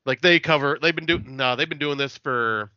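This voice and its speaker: A man's voice: mid-range voice, normal speed, sharp tone, no room sound, dull audio. A man chatting casually as a podcast guest, telling stories in a laid-back way, swearing and laughing often.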